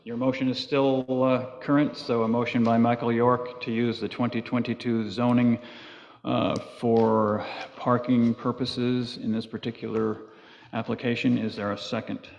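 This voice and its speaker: A man's voice: mid-range voice, level tone, normal speed, gravelly, darkish tone. Man chairing a town board meeting. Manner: procedural, thinks aloud with fillers. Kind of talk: public meeting discussion. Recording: echoey hall, dull lo-fi sound.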